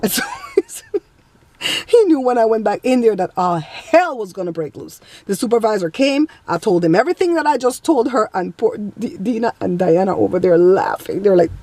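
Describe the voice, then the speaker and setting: A woman vlogger telling a story in a casual, animated way, indignant and blunt. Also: medium pitch, moderate pace, no room sound.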